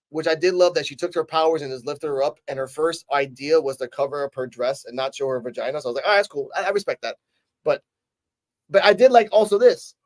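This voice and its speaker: A man casually reviewing a show episode, animated and acting out scenes as he recaps, with the odd swear. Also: fairly high pitch. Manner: animated, acts out scenes in quick voices; casual, swears now and then.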